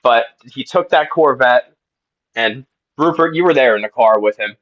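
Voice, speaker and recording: Dry deadpan man, muffled call audio. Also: mid-range voice, moderate pace. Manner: dry, matter-of-fact, feeding straight lines. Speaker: comedy video co-host. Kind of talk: deadpan mock apology, improvised comedy.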